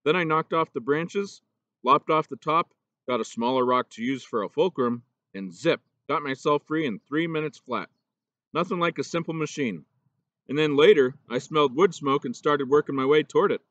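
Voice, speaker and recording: A man voicing a gruff, remorseful older male teacher in a storybook reading, talking plainly and low. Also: normal speed, fairly bright tone, dry recording, lo-fi sound, natural voice.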